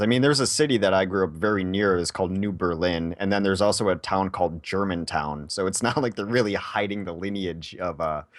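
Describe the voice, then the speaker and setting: Deep voiced wisconsin guy casting esports, jokey and chatty, dry close sound. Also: no room sound. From Wisconsin, USA. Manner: joking, chatty, laughs often. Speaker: esports caster. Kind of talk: casual chat between matches.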